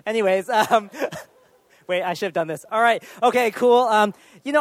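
A man in his thirties preaching a sermon, telling a personal story in an animated, self-deprecating way with sudden loud outbursts. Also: sits high, slow pace, long pauses, no echo. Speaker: pastor.

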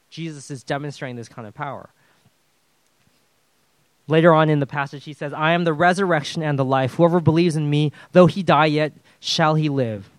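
Male pastor, conversational sermon, fairly high voice, dry close sound, dynamic delivery with jokes. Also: no room sound. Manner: casual and animated, swings between loud emphasis and hushed drops; joking asides.

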